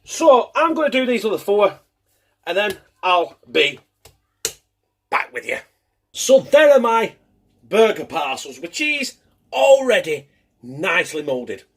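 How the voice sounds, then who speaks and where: Guy cooking at home, fairly high voice, sweary and chatty, keeps laughing. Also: big pitch swings, takes it slowly, pauses often, a bit bright. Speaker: cooking show host. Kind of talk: casual cooking demonstration.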